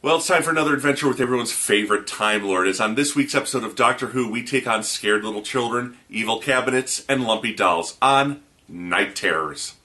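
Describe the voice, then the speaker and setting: A man hosting a comedy review show, giving a snarky, deadpan recap narration. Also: medium pitch, brisk.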